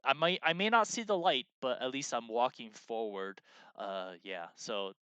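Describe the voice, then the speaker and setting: A man's voice: mid-range voice, moderate pace, pushed and bright, clean tone, dry recording, muffled recording. A man co-hosting a game design stream in casual chat, rambling with lots of fillers and restarts as he reads out viewer messages.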